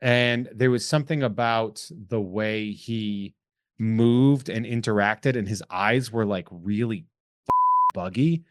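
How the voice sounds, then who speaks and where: A man's voice: on the low side, slow, dry recording. Joking male podcast host, dry sound. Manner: rambling, jokey, self-deprecating. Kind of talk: casual chat.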